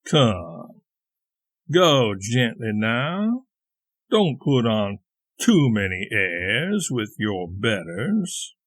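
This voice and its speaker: A man voicing a small, contemptuous, moldy male dwarf who speaks in a slow sneering drawl. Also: on the high side, animated, gravelly, a bit bright, slightly rough, full character voice. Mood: mocking.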